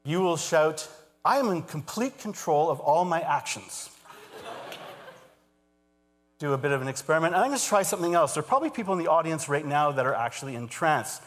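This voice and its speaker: A man giving a live stage talk as a hypnotist, moving between calm trance suggestions and lively explaining to an audience. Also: fairly high pitch, fast. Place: large auditorium stage. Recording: long hall reverb.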